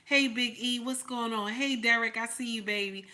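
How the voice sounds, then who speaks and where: Bright-voiced emphatic woman host. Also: a little high, steady tone, moderate pace. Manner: emphatic, repeats points, greets chat by name. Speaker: channel host. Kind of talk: casual commentary livestream.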